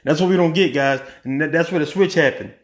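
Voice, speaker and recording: A man giving casual political commentary in a vlog, talking in an animated way with rhetorical questions and many restarts. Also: a little high, quick pace, roomy sound. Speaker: vlogger.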